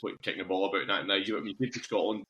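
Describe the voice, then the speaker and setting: A man's voice: sits low, very fast, bright, forceful tone. A man hosting a podcast and asking long, rambling questions full of fillers. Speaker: podcast host, interviewer. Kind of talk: casual interview chat.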